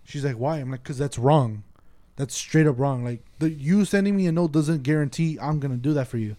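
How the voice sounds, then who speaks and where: A man's voice: on the high side, a little fast, dark tone. A man telling a story in casual, profane chat, acting out the people he quotes.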